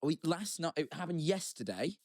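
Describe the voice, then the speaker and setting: A man with a slightly high voice tells a story in animated, rambling casual chat, full of swearing and quick restarts. The sound is close and dry, with no room around it. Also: no echo. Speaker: podcast co-host.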